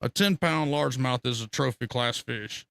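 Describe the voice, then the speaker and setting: A man's voice: mid-range voice, moderate pace, gravelly. A man telling rambling, profane fishing stories on a casual live stream. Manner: rambling, profane, animated storytelling with laughter.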